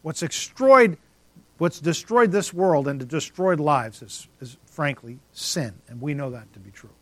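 A man preaching a sermon with emphatic swings in loudness, dropping to a near whisper on key words. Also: fairly high pitch, expressive, unhurried, dry recording. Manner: emphatic, rising and dropping to near silence for effect. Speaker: pastor.

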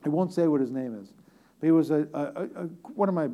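A man's voice: a little high, fast talker, warm tone. Chatty man preaching a sermon. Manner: chatty, repetitive, joking asides to the congregation. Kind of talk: conversational sermon.

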